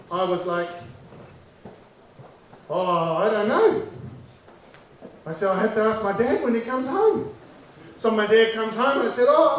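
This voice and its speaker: A man with a New Zealand accent tells a funny story on stage, acting out each character as he goes. His voice sits high and bounces around a very echoey room. He is picked up from a distance, with faint noise behind him. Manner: animated, acts out voices of people in his story. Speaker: comedian. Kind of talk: stand-up storytelling.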